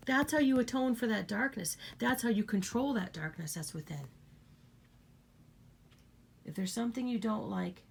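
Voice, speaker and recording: A woman's voice: fairly high pitch, moderate pace, vocal fry, a little mellow. A woman giving an earnest, blunt spiritual talk to her viewers, repeating her points and swearing freely. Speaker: spiritual channel host.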